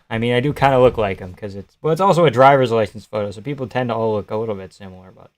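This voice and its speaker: A man's voice: medium pitch, fast talker. A young man on a casual live stream, chatting loosely and swearing while he reacts to fights and answers his chat.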